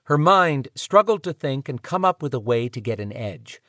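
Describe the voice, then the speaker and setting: A man narrating an audiobook in an expressive, dramatic reading style. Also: medium pitch, moderate pace, no echo, studio quality. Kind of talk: scripted narration.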